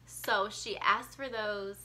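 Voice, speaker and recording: A woman's voice: medium pitch, steady tone, slow pace, pushed and bright, slight background noise. A young woman vlogging as a mom, a bit congested from a cold and short of breath, chatting casually with lots of ums and likes. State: congested, getting over a cold. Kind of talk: casual chat to camera.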